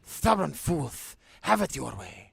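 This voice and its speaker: A man's voice: medium pitch, big pitch swings, unhurried, darkish tone. A man voicing a menacing female bounty hunter from a game, with a lisp and an attempted Castilian Spanish accent. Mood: furious. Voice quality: lisping. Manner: taunting, threatening.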